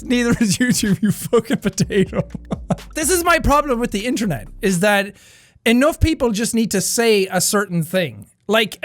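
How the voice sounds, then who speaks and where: An excitable streamer with an Irish accent from Offaly, swearing and laughing through casual reaction commentary. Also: mid-range voice. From Offaly, Ireland.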